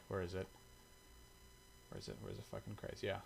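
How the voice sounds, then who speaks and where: A man's voice: sits low, sing-song, moderate pace, creaky, slight background noise, rough recording. A man giving casual, rambling commentary full of swearing and fillers, reacting aloud as he browses online. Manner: rambling and profane, many fillers. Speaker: airsoft video creator.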